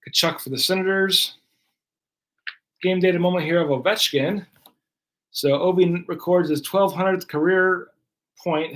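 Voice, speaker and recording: A man hosting a live card break, chatting casually as he runs through each card pulled. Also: on the high side. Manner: chatty, running play-by-play of cards. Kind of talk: casual live-stream commentary.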